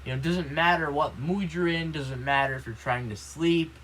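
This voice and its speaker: A man's voice: a little high, moderate pace, fairly bright tone, slight background noise, poor audio. A man vlogging in a casual, rambling monologue, indignant and complaining, filling every line with "you know" and "like".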